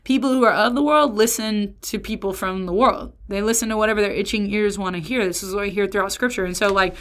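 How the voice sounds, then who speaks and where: A woman's voice: mid-range voice, fast talker, fairly bright tone. Chatty, emphatic woman teaching Scripture. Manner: chatty, emphatic, self-interrupting. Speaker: Bible teacher. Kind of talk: casual Bible teaching.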